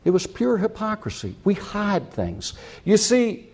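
An older man delivers a sermon with fervor, his voice pitched high and swinging widely as he presses rhetorical questions. He repeats key lines for emphasis and builds to emphatic peaks. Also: wildly swooping pitch, unhurried, darkish tone, husky. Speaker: preacher.

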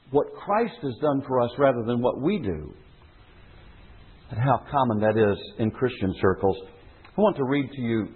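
A man's voice: on the high side, breathy edge. A man preaching a sermon in an earnest, emphatic way, at times reading a passage from a novel aloud. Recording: tinny phone-like sermon recording.

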